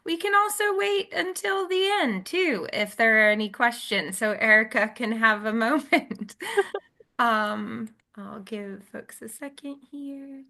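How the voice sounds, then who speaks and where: Bright-voiced woman moderating a webinar. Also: a little high, vocal fry. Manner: friendly, halting, with many fillers and restarts. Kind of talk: casual moderating.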